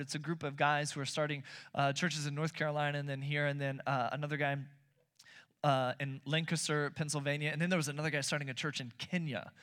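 Pastor guy in his 30s preaching, bright forceful voice, kinda high, tells stories and acts out his own lines. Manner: animated storytelling, acting out his own quotes; repeats words when excited. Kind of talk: sermon.

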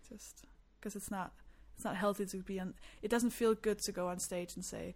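A woman's voice: medium pitch, steady tone, brisk, hardly any pauses, a little mellow. A young woman from Denmark talks like a stand-up comedian on a podcast. Her stories are frank and self-mocking, and laughter keeps breaking into her lines. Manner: candid, self-deprecating storyteller who laughs often. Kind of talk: casual podcast chat.

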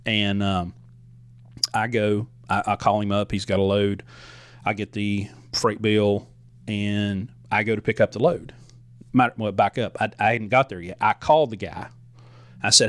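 A man's voice: fairly low pitch, steady tone, moderate pace, no room sound. A man who drives a truck, telling stories from the road in a casual, rambling way with frequent restarts. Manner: conversational, frequent restarts and asides. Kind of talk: casual storytelling monologue.

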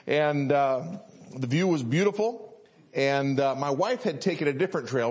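A man's voice: on the high side, animated, fairly quick. A male pastor, preaching a sermon and telling a story with many fillers and restarts.

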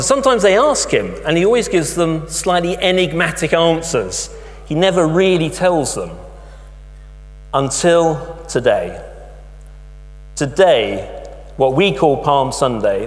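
A man preaching a sermon, telling the story in an animated way with emphatic asides. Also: fairly high pitch. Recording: long hall reverb with mains hum.

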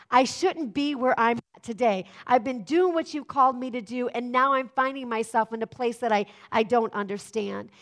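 Lively preaching woman. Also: on the high side. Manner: lively, asks the congregation questions. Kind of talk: sermon.

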